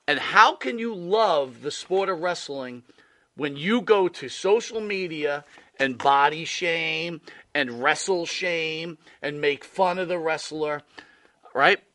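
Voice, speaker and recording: A man's voice: fairly high pitch, slow pace, a bit bright. A man hosting a wrestling talk show, telling the story emphatically and swearing casually. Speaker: podcast host.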